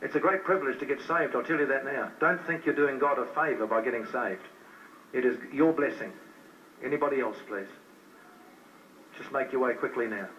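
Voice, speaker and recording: A man preaching as an evangelist at a church service, urgently pleading with people to come forward, then slowly and carefully leading a prayer. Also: medium pitch, fairly bright tone, a little hiss or hum. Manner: pleading, urgent, repeats invitations; slow, measured phrasing when leading prayer. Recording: distant, dull live recording.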